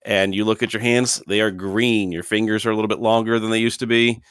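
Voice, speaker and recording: A man acting as game master, narrating a tabletop game in a slow, measured way. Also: lowish voice, level tone, fairly bright tone, smooth, no echo, clean studio sound.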